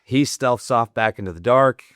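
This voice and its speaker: A man's voice: mid-range voice, normal speed, a bit bright, no echo, studio quality. A man and podcast guest, a Marine veteran, telling stories in a casual way. He swears often and rambles, with many "like" fillers. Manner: profane, rambling, full of "like" fillers. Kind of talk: casual storytelling.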